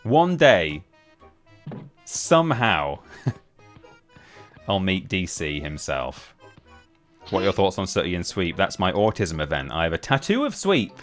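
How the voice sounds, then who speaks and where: A man's voice: sits low, wildly swooping pitch, takes it slowly, long pauses, a bit bright, faint music behind. A young man chatting casually to his live-stream audience while playing, rambling and restarting his sentences as he goes.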